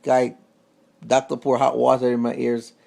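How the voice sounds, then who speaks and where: A man telling a personal story about his grandfather straight to camera, in a casual, halting way that repeats words. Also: medium pitch, monotone, vocal fry, mellow. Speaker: vlogger.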